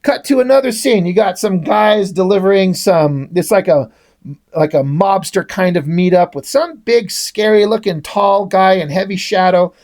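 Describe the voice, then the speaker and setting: A man's voice: high voice, normal speed, darkish tone. A man giving a casual, rambling comic book review in a sarcastic tone, swearing often.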